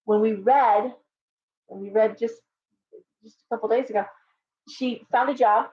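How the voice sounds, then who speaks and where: A woman with a slightly high voice gives blunt, rambling advice as a tarot-reading host, often restarting her sentences. The sound is dull and lo-fi, with a faint hum underneath. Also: steady tone, a little slow, a little mellow. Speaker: tarot reader and show host. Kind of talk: casual live-stream chat.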